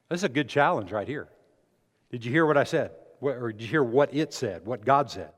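A man's voice: medium pitch, animated, moderate pace. A man preaching a sermon, asking the congregation questions and building emphasis as he speaks. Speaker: pastor. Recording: long hall reverb.

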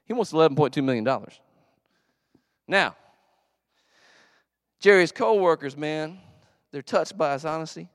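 A man preaching a sermon in a church, telling a story in a conversational, animated way with asides to the congregation. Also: a little high, moderate pace, long pauses, no echo, studio quality. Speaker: pastor.

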